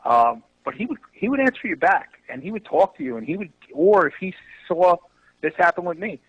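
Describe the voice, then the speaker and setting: A man's voice: sits high, brisk, slightly rough, dull audio. A man who is a wrestling promoter, telling stories in a casual podcast chat and swearing freely. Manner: animated storyteller, swears freely.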